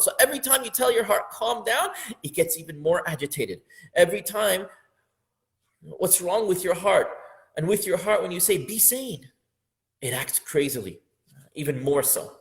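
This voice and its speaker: A man teaching a lesson on a classical poem, earnest, repeating phrases for emphasis and rising sharply in pitch when he acts out the inner voice. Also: gravelly. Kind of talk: lecture explaining classical poetry.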